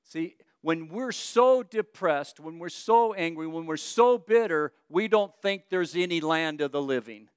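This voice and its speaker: Rich: A male preacher with a high, smooth and resonant voice delivers a lively, conversational sermon. He often turns to his listeners with questions. The sound is dry and close. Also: a little slow, few pauses, dry recording. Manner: expressive, conversational, asks the audience questions.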